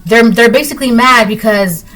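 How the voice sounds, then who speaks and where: A woman's voice: on the high side, moderate pace, a bit bright, rough recording. A woman giving a casual spoken tarot reading at home, talking in an emphatic, repetitive, conversational way with lots of fillers. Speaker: tarot reader.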